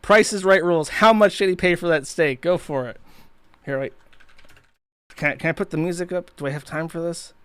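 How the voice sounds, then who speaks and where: A man's voice: a little high, brisk, a bit bright, clean tone, no room sound. A man hosting a livestream, ranting in a profane, mocking, rambling way. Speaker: streamer host. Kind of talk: livestream commentary rant.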